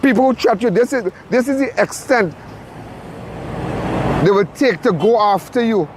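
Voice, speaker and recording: A man's voice: very high voice, lively intonation, moderate pace, background noise. A man hosting a crime show, giving urgent, repetitive live commentary from a crime scene.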